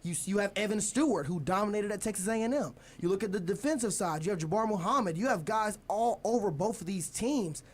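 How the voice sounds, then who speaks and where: A young man with a fairly high voice hosts a college sports radio segment. He talks in an energetic, casual way, stalling for time and laughing as he runs the conversation. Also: quick pace, hardly any pauses. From United States.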